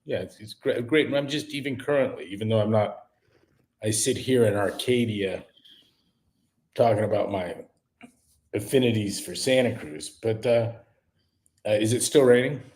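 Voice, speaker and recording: A man with a somewhat low voice speaks as a podcast guest. He muses aloud in a halting way, pausing on fillers. His tone is unhurried and conversational. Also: darkish tone. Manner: musing, halting, with many fillers. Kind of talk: casual conversation.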